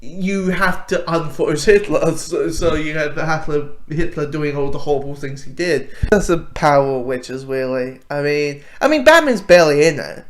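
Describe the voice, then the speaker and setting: A young man talks through his review in a loose, unscripted way. He gets enthusiastic, trips over his words and starts sentences again, and his voice sits a little higher than most men's. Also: animated, moderate pace, few pauses. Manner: rambling, enthusiastic, many restarts and fillers. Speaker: video reviewer.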